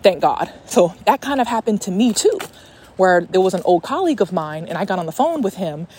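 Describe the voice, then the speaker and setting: A young woman hosting a podcast, telling a personal story in a casual, animated way while walking outdoors. She swears freely and often restarts her sentences. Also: mid-range voice, a little fast, a little hiss or hum. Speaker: podcast host.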